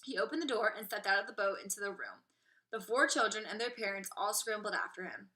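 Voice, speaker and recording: A teacher reads a children's novel aloud in a clear, expressive storytelling voice. Her tone is bright and ringing, and she keeps a mid-range pitch through the narration. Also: a little fast.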